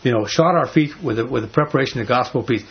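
A male pastor with a very husky, breathy voice delivers a sermon like a casual story, dropping into quick voices for the people in it. The recording sounds dull and lo-fi. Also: medium pitch. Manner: conversational storytelling, acts out voices, chuckles.

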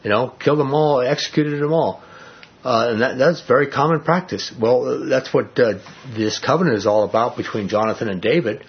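A man's voice: medium pitch, moderate pace, breathy edge. A man teaching a Bible lesson as a pastor, conversational and folksy, often checking in with "all right?" on a muffled recording.

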